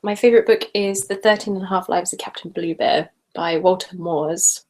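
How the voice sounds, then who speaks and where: An English woman from Essex hosts a relaxed live chat, reading out viewer questions and answering in a chatty, giggly way. Her voice now and then drops into a soft whisper. She sips wine as she goes. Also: on the low side, normal speed. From Essex, England. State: sipping wine while talking. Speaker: ASMR creator hosting a live hangout.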